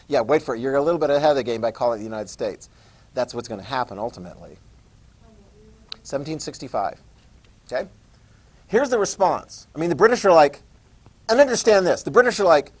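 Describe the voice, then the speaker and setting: Chatty male history teacher lecturing. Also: a little high. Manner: conversational, repetitive, checks understanding. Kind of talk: classroom lecture.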